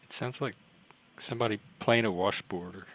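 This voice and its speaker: A man's voice: on the low side, moderate pace. A man on an online panel who asks questions in a curious, easygoing way. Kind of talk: casual online panel chat.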